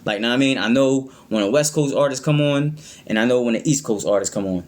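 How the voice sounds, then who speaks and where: A man's voice: medium pitch, quick pace. A man hosting a music reaction video, talking casually and rambling. He often stumbles over his words and keeps adding "you know what I mean".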